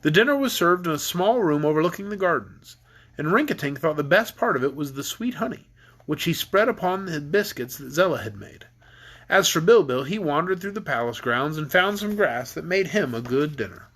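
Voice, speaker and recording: Guy reading a bedtime story to his kids, slightly high voice, trips over words now and then. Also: expressive, fairly quick, fairly bright tone. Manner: easygoing, stumbles and rereads lines. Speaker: parent reading to his children. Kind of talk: reading a children's book aloud.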